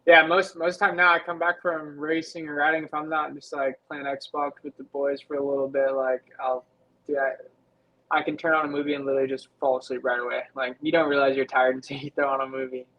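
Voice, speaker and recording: A man's voice: a little high, flat delivery, fairly quick, lo-fi sound. A young man, a guest on a podcast, talking in a laid-back, casual way full of "like" and "dude". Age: young adult. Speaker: guest motocross rider. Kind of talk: casual interview chat.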